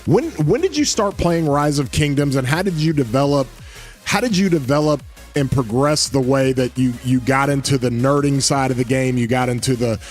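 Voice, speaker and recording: A man's voice: mid-range voice, expressive, moderate pace, soft background music. A man hosting a casual gaming podcast stream, talking in an enthusiastic, rambling way with frequent restarts. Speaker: podcast host. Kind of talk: casual livestream podcast chat.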